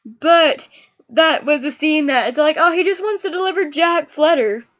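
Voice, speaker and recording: High-voiced young woman gushing over a book. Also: normal speed, highs cut off. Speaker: book reviewer. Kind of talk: casual book review chat.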